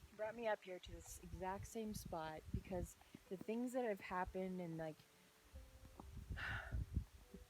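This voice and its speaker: A young woman speaks outdoors on a hilltop as rain falls, talking through a devotional message with a middling voice. She rambles earnestly, restarting her sentences, and often slips into excited whispers. A faint noise sits behind her voice. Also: medium pitch, measured pace, pauses often, poor audio. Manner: breaks into excited whispers and laughter. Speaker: faith vlogger. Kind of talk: casual devotional talk.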